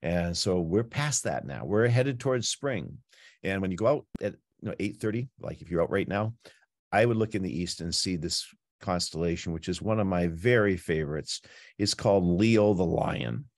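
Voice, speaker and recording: A man presenting a night sky tour, teaching in a chatty, playful way with frequent jumps in pitch. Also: lively intonation, normal speed, creaky, dry recording, studio quality. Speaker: planetarium presenter. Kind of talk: informal astronomy talk.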